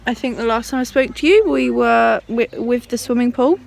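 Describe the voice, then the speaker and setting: A woman's voice: a little high, normal speed, creaky. A young woman chatting casually to a handheld camera at home, exclamatory and self-mocking. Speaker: vlogger. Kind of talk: casual vlog chat. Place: home and garden. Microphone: handheld camera, shaky.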